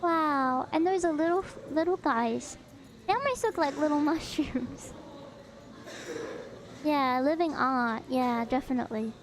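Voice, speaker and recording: High-voiced bubbly woman streamer. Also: a little slow. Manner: bubbly, excitable, gasping at what she sees. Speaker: streamer host. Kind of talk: live-stream reaction chat.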